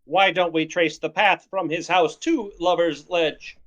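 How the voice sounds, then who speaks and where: A man playing a tabletop game who speaks calmly and earnestly in character. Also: on the high side, a little slow. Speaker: player.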